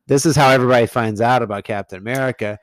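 A man co-hosting a casual film chat, recapping the plot in a measured way and laughing often. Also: medium pitch, fairly even intonation, dry recording, studio quality. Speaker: podcast co-host.

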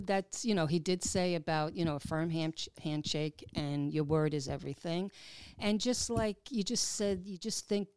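New woman, low voice, dry close sound, chatty interviewee full of fillers. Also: darkish tone, smooth, dry recording. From New York. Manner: chatty, many fillers like "you know", laughs often. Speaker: executive assistant at a racetrack, interviewee. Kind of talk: casual interview, reminiscing.

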